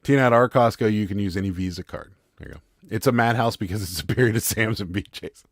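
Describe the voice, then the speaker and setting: Male livestream co-host, lowish voice, dry close sound, joking, reads viewer comments. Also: fast, dry recording. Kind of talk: casual live chat.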